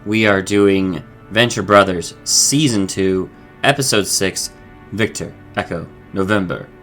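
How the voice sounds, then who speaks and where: A young man hosts a casual episode recap, rambling and correcting himself with a sprinkle of profanity. His voice is on the low side with a bright, forward edge. Faint music plays underneath. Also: unhurried. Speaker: host of an episode discussion channel.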